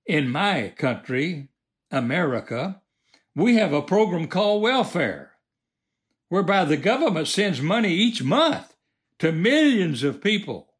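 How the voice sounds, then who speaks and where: Brief: earnest male questioner, lower and slower, played by the narrator. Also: very animated. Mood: questioning. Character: curious male questioner, asking God.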